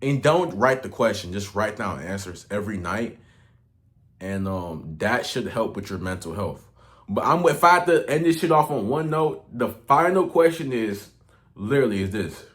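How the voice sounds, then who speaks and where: Young male online coach, unscripted talk-to-camera vlog, heavy slang and cursing, restarts often, swings from mumbling to loud. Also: lowish voice, expressive, normal speed. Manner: slangy, profane, rambling with restarts and swings in loudness. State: out of breath. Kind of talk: casual motivational rant to camera.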